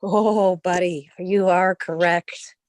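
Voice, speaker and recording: Woman on a group call, kinda low voice, talks fast and gushes, dry close sound. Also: fairly even intonation, no echo. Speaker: call guest. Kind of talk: casual group call chat. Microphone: online voice call.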